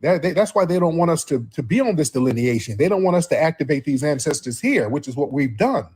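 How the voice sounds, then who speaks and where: Husky male host, combative and preachy, stream commentary. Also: fairly high pitch, lively intonation, quick pace, darkish tone. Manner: preachy, combative, calls in viewers.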